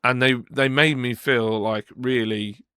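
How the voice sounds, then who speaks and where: A man co-hosting a podcast, telling a personal story in casual chat, animated and acting out what people said, with frequent restarts. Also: mid-range voice, a little slow, smooth, dry recording, studio quality. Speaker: podcast co-host. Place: podcast studio.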